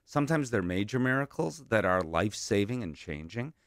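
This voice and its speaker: A man's voice: lowish voice, big pitch swings, fairly quick, no room sound, clean studio sound. A man hosting an interview, encouraging his guest with questions.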